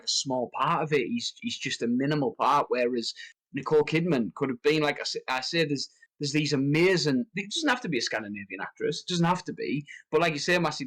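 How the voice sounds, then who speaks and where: A man co-hosting a film podcast, talking in a rambling, animated way that jumps up in pitch when he rants. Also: quick pace, rough recording. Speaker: podcast co-host. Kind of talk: casual film discussion.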